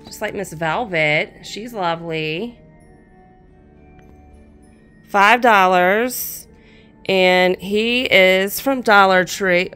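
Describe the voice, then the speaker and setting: Slow-talking woman showing her finds. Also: mid-range voice, a bit bright, smooth, soft background music. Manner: chatty, fond, talks to her cat. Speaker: crafting channel host. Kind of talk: casual haul show-and-tell.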